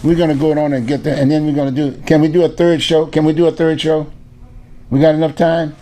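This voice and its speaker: A man's voice: a little high, flat delivery, fast talker, dark tone, low-quality recording. An older man hosting a casual talk show, pressing his point, repeating himself and talking over his guests. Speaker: host.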